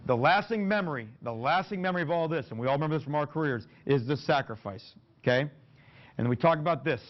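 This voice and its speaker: Fast-talking man in a dull recording. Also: fairly high pitch, lively intonation. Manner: folksy, joking, plain-spoken. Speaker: football coach leading a coaching clinic. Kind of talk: clinic talk to coaches.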